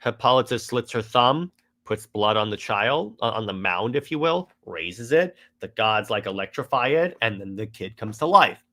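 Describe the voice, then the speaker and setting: A man's voice: on the low side, lively intonation, normal speed, sharp tone. A man giving a casual, exasperated critique of a comic run, rambling with frequent restarts.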